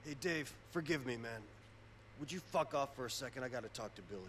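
A man voicing a gruff, sarcastic biker. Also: medium pitch, lively intonation, fast talker, a bit bright, slight background noise, close to an everyday voice. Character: tough, weary male biker vice president. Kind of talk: video game cutscene acting. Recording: game audio under gunfire and engines.

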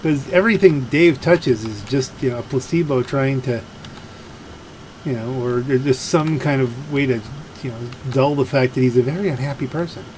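A man's voice: mid-range voice, normal speed, a little mellow, a little hiss or hum. A man giving let's play commentary in a rambling, musing way, full of fillers and restarts. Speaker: gameplay commentator.

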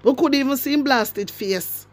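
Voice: high-pitched, normal speed. A social media commentator with a Jamaican accent, delivering an impassioned political rant to followers and hammering home repeated rhetorical questions. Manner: emphatic, repeats rhetorical questions, swings between loud and hushed.

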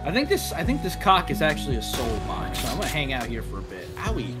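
Brief: ranting gamer guy, lively up-and-down delivery, music clearly behind him. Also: mid-range voice, fast talker. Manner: loud, ranting, swears, mock whining. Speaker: host of gaming channel. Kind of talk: casual gameplay chat.

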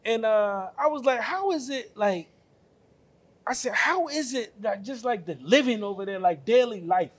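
High-voiced man telling a story. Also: expressive, normal speed. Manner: storytelling, retelling conversations with quoted lines. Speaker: podcast co-host. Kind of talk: casual group discussion.

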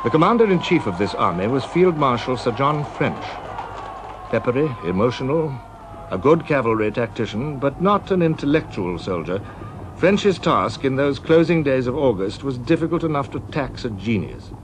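A man with a British accent narrating a documentary in a measured, formal way. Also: mid-range voice, big pitch swings. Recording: noisy old broadcast recording.

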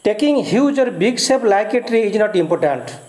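A male teacher with an Indian English accent works through a poem, repeating key words and explaining each one. His voice sits high for a man and stays mellow and soft-edged. The recording carries a noticeable room echo. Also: animated, normal speed. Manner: repeats key words and glosses meanings step by step. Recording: echoey room.

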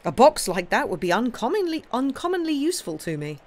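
A woman's voice: mid-range voice, lively intonation, moderate pace, pitched above the performer's own voice, natural voice. A woman voicing a good-humoured young man who answers an accuser lightly and with mockery in a storybook reading. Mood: cool, mocking. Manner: light, mocking, lifted tone.

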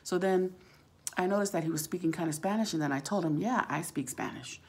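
A woman's voice: fairly low pitch, fast talker, a little mellow, slightly rough. A woman vlogger telling a story casually, rambling with lots of fillers.

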